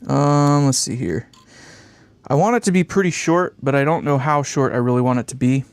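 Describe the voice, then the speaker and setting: A man's voice: mid-range voice, moderate pace, smooth, no echo. A man with congested sinuses chatting in a rambling, laid-back way while building an amp on a live stream, swearing casually and chuckling often.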